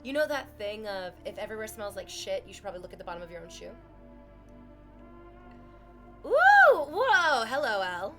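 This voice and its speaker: A woman's voice: mid-range voice, animated, fast talker, over music. A woman streaming from home, chatting casually with her viewers in a sarcastic, teasing way and swearing freely.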